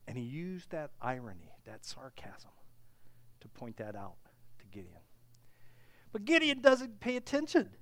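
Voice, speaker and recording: A preacher delivering a sermon in an animated storytelling manner, swinging between loud bursts and hushed asides, with pauses and filler words. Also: mid-range voice.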